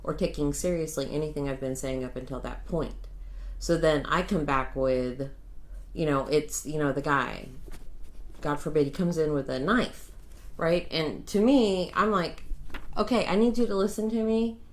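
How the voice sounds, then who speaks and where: A woman's voice: low-pitched, a little slow. A woman who is an acting student talks through her reasoning about a script in a thoughtful, casual way. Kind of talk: casual discussion.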